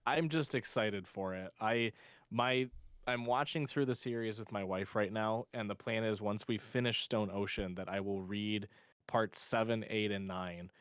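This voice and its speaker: A man co-hosting a casual podcast, talking in a rambling, excited way as a fan. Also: lowish voice, moderate pace, clean tone, no echo, clean studio sound. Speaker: podcast co-host.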